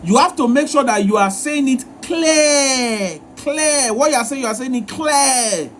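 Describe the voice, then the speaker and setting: A man's voice: very high-pitched, animated, measured pace, a bit bright, a little hiss or hum. A man hosting a live relationship advice session, talking in a repetitive, emphatic, lecturing way. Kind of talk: live-stream advice talk.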